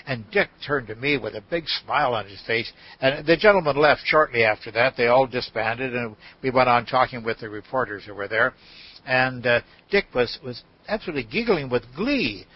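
An older man with a husky voice, telling an anecdote as a podcast guest and acting out the quoted speech. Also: mid-range voice, lively intonation, normal speed. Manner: storyteller, acts out quoted speech. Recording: dull dry audio.

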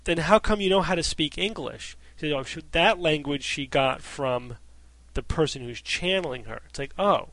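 A man's voice: on the high side, moderate pace, hardly any pauses, a bit bright, no room sound. A male podcast host in casual panel chat, wry and skeptical, laughing often.

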